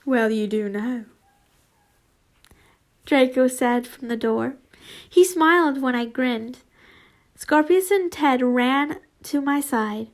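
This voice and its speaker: A woman reads fan fiction aloud in a high voice and keeps breaking off into casual asides. She swears freely and speaks at an unhurried pace.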